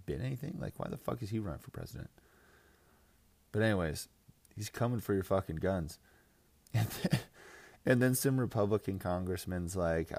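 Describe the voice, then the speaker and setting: A young man with a fairly low voice hosts a casual fantasy football podcast. He rants in a crude, mocking way, swearing freely and laughing often. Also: creaky, darkish tone, slightly rough. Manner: crude, joking, mocking, frequent laughs and filler "like"; mimics others in exaggerated voices. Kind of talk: casual profane podcast rant.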